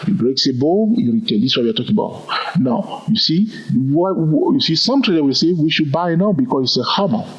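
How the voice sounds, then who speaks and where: A man's voice: mid-range voice, breathy edge. A man teaching a chart walkthrough lesson on trading, counting moves aloud and often checking in with the viewer. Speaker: trading instructor. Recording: dull lo-fi recording.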